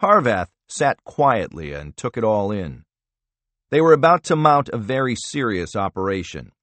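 Expressive low-voiced male narrator. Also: moderate pace, no echo. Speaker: audiobook narrator. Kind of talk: scripted narration.

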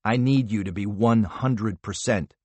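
A man's voice: lowish voice, a little slow, darkish tone, no echo. Man as a terse, tough operative. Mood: demanding. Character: tough, terse male special-ops operative.

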